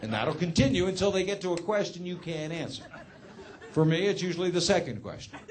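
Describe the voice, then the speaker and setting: A man doing a stand-up comedy set, telling a story in a deadpan, sardonic way. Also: high voice, a little fast, a faint crowd.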